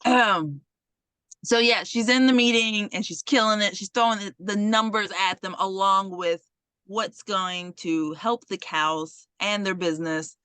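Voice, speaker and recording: A woman co-hosting a podcast in a casual film recap chat, telling scenes in a lively way and voicing characters. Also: medium pitch, unhurried, clean tone, no echo. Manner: lively storyteller, voices characters. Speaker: podcast co-host.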